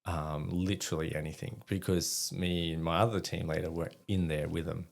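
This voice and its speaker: An Australian man appears as a podcast guest, telling rambling stories laced with swearing in casual chat. His voice is low and creaky, with little pitch movement and a moderate pace. He curses freely and fills his anecdotes with quoted dialogue.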